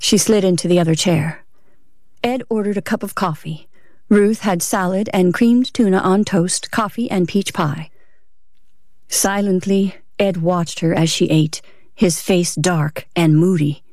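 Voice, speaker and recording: A woman narrating a story aloud in a steady reading voice. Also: lowish voice, measured pace, no echo, studio quality. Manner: steady reading, varies voice for characters. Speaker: audiobook narrator. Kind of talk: scripted narration.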